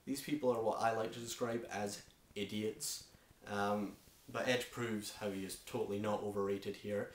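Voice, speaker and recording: A man's voice: fairly low pitch, little pitch movement, moderate pace. A man with a Scottish accent reviewing a wrestling show in a casual, opinionated way, full of enthusiasm and frequent ums. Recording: echoey room.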